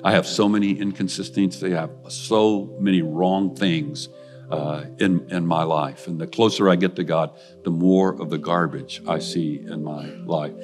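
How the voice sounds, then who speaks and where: Older man preaching, low voice. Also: fairly even intonation, moderate pace, faint music behind. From United States. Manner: earnest, confessional personal storytelling. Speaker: guest preacher. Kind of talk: sermon storytelling. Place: church.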